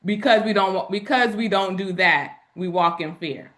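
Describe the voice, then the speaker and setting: A woman's voice: mid-range voice, moderate pace, a bit bright. A woman hosting a faith-based interview, speaking in an affirming, reflective way. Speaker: host.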